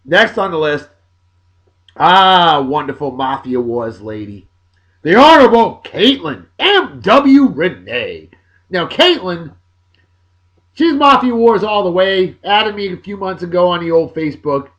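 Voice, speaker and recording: Man, 40s, somewhat high voice, jokey, loud bursts and mumbled asides, casual vlog shout-outs. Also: sing-song, measured pace. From Massachusetts, USA. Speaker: video blog host.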